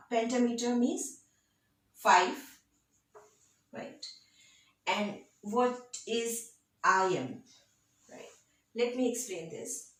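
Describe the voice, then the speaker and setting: A woman lectures on poetry at a very slow, deliberate pace. Her voice sits fairly high for a woman. She is recorded in a strongly echoing room. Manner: slow, deliberate, checks in with "right?". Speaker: literature teacher. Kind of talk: classroom lecture. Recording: very echoey room.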